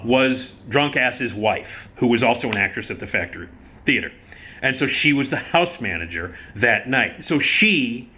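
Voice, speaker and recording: A man telling a casual, profane theater story, animated and quick to laugh. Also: mid-range voice.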